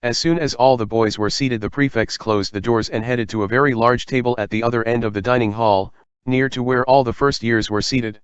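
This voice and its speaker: Smooth-voiced man narrating an audiobook. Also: mid-range voice, fairly even intonation, brisk, no echo, muffled recording.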